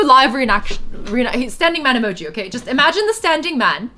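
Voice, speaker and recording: A woman's voice: fairly high pitch, expressive, brisk, bright, forceful tone. A woman streamer chatting casually on a livestream, giggly and answering chat as she talks. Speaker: game streamer.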